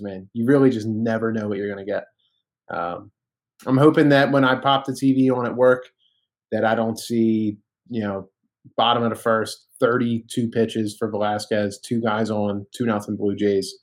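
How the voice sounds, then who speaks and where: A man co-hosting a casual sports podcast, talking in an opinionated, conversational way with frequent fillers. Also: mid-range voice. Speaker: podcast co-host.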